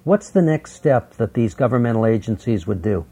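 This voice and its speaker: Husky radio interviewer asking questions. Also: male voice, lowish voice, animated, moderate pace, warm tone. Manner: brief probing questions.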